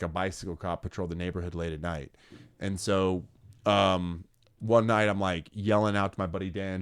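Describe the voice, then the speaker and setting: A man's voice: low voice, clean tone, no room sound, studio quality. A young adult man co-hosting a podcast, telling stories animatedly and acting out the people in them. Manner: animated storyteller who acts out voices loudly. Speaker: podcast co-host. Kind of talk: casual chat.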